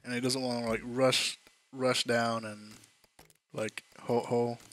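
A man giving casual let's-play commentary, animated and quick to exclaim. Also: mid-range voice. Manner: animated, exclaiming at game moments. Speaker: gamer.

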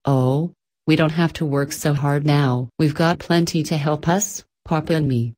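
Husky, excited middle-aged farm mother, read by a woman, low and breathy. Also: measured pace. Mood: fond. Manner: excited, bustling, fond.

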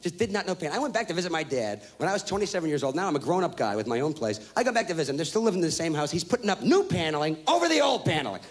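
Brash, animated stand-up comic man. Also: a little high. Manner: brash, profane, rapid-fire storytelling with shouted punchlines. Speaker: stand-up comedian. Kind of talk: stand-up comedy storytelling. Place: live comedy stage with audience laughter.

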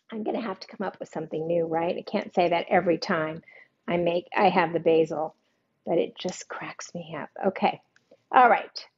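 A woman's voice: medium pitch, darkish tone, muffled recording. An older woman hosting a live-streamed cooking demo, chatting casually, joking at her own expense and greeting viewers by name. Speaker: cooking show host.

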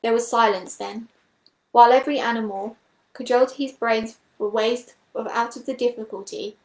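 A woman reading a children's animal novel aloud as a storyteller, steady and clear. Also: on the high side, moderate pace, roomy sound, rough recording.

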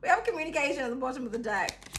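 Young woman doing a chatty tarot reading, high bright voice, laughs a lot, goes loud then quiet. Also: big pitch swings, rapid-fire, a little hiss or hum. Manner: chatty, laughs often, swings between loud and hushed. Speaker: tarot reader.

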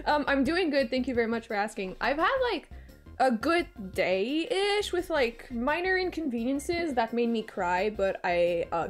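A giggly young woman chats with her viewers during a casual game stream. Her fairly high voice swoops up and down, playful and loose. Faint game music plays behind her.

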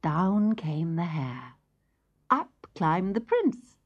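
Woman storyteller, low voice, slow and sing-song with hushed asides; lo-fi cassette, faint music behind. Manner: slow, expressive, sing-song reading with soft whispers. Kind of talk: scripted children's story narration.

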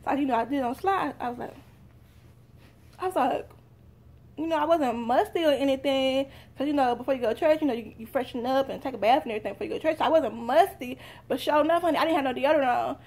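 Chatty high-voiced young woman vlogger. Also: quick pace, darkish tone. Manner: chatty, talks straight to viewers. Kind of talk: casual haul vlog.

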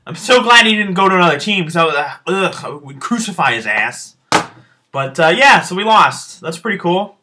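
A man's voice: high voice, normal speed, background noise. A man hosting a podcast, delivering a profane, sarcastic sports rant. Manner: animated, swearing, sarcastic. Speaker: podcast host.

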